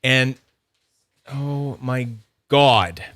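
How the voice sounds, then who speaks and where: A man's voice: medium pitch, extremely slow, a bit bright, no echo. A young man hosting a casual livestream chat, rambling, restarting his sentences and laughing often. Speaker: podcast host.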